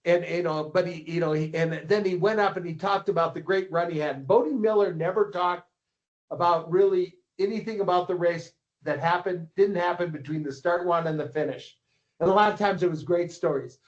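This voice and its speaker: A man's voice: sits high, a little fast. A man in his sixties, a podcast guest and longtime coach, telling stories in a rambling way, repeating words and acting out what others said. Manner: rambling, repeats words, acts out quoted dialogue. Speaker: podcast guest, ski racing coach and publisher. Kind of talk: anecdotal storytelling. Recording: slightly muffled lo-fi podcast audio.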